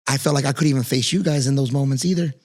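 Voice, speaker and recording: A man's voice: medium pitch, rapid-fire, a little mellow. A man hosting a casual interview podcast, talking earnestly and rambling with many restarts and fillers. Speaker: podcast host and martial arts instructor.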